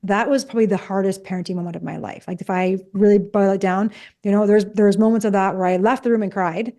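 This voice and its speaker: A woman's voice: medium pitch, fairly even intonation, fast, dark tone. A woman in her forties, a psychologist co-hosting a podcast, talking casually and acting out quoted dialogue with animation.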